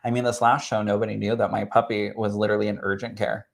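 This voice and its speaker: A man, a spirit medium, sharing a personal story in an expressive, chatty way that swells with emotion. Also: on the low side, quick pace, creaky. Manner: expressive and chatty, full of "like" and "literally".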